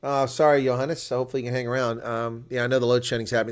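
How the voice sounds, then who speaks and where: A man hosting live reaction commentary on a rugby match, calling the play and shifting from calm analysis to excited shouting on big moments. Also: medium pitch, very fast.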